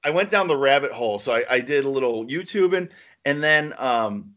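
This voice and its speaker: A man's voice: mid-range voice, animated, fairly quick, a bit bright, muffled recording. A man co-hosting a casual podcast chat, enthusiastic and rambling with lots of fillers. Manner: chatty, enthusiastic, with lots of "like" and "you know". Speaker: podcast co-host.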